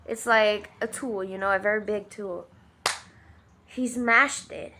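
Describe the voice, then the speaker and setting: A woman's voice: mid-range voice, fairly even intonation, takes it slowly, noisy background. A woman telling a story in a casual, rambling way, full of fillers and emphatic swearing. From Brazil. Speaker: vlogger.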